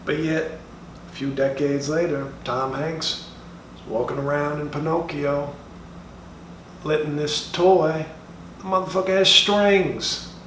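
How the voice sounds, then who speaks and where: A man's voice: fairly high pitch, steady tone, slow pace, pauses often, a bit bright. A man plays a brash middle-aged comedian who lectures a room of schoolkids. He drawls, swears and taunts in a mock-serious way. The voice comes from a distant mic in an echoing room with faint background noise. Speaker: speaker at a school assembly. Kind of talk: comedic impression monologue. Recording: roomy sound from a distant mic.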